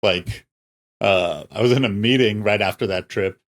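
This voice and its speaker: A man in his forties co-hosting a podcast, speaking in a loose, halting casual chat. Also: fairly low pitch. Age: 40s. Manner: loose, halting delivery with fillers. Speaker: podcast co-host.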